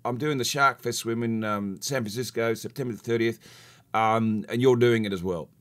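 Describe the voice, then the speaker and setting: A man's voice: mid-range voice, fairly even intonation, moderate pace, fairly bright tone, natural voice. A man putting on an Australian accent to play a chatty, laid-back male friend who is coaxing someone. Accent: Australian, put on. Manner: coaxing, rambling, casual.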